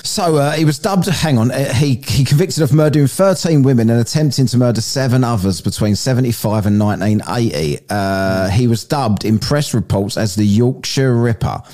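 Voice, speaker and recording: A man's voice: mid-range voice, moderate pace, few pauses, dark tone. A man hosting a podcast live stream, reading crime stories aloud and breaking off to joke about them. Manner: jokey, reads aloud then riffs. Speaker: podcast host.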